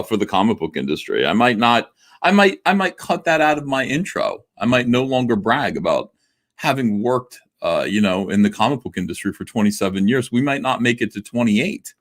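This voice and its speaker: A man's voice: medium pitch, sing-song, normal speed, a bit bright. A man in his forties hosting a casual livestream, rambling and self-mocking, with many filler words and restarts as he reads viewer comments. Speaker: livestream host.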